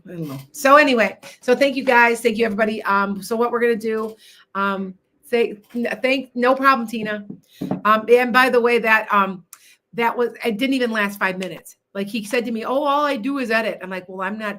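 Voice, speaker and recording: A woman's voice: mid-range voice, fairly bright tone. An older woman hosting a live stream, chatting in a rambling, self-interrupting way. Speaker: livestream host. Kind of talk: casual live-stream chat.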